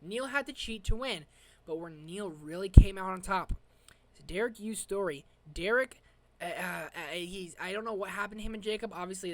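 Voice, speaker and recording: Woman vlogger gushing over an episode, slangy and rambling, medium pitch. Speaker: film review vlogger. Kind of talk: casual episode review.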